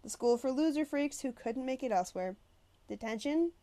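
A woman narrating an audiobook in the first person with an expressive, conversational delivery. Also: high voice, a little fast.

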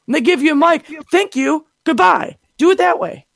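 Blunt, gravelly woman podcaster. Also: high voice, normal speed, no room sound, studio quality. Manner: blunt, heated, swears freely. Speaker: podcast co-host. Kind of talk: casual chat.

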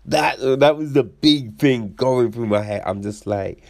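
A man giving casual commentary as a reviewer, swearing and acting out quoted lines in an animated way. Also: mid-range voice, measured pace, gravelly, few pauses, no room sound, studio quality.

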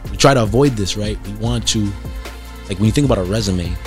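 A man's voice: on the low side, fast talker, darkish tone, soft background music. A man hosting a podcast, giving a casual faith talk and reading scripture, conversational and often asking "right?" for emphasis. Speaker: podcast host.

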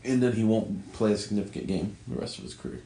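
A man's voice: on the low side, fast talker, dark tone. Opinionated man in an echoey room. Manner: joking, opinionated, swears casually. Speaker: podcast co-host. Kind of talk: casual sports chat.

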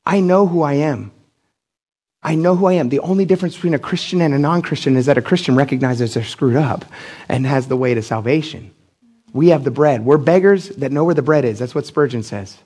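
Here a middle-aged Pennsylvania pastor talks a little fast in a mid-range, husky voice with a darkish tone. His sermon at church is blunt and informal, and he voices the people he quotes with big jumps in his voice.

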